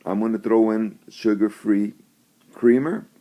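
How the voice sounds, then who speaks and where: A man telling a story and then preaching on scripture, in a slow and deliberate way. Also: fairly low pitch, steady tone, dark tone. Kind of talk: storytelling devotional.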